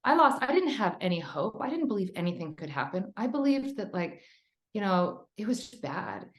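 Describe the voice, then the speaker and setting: A woman's voice: mid-range voice, sing-song, moderate pace, reverberant. A woman author as a podcast guest, telling a personal story in an earnest, emotional, rambling way.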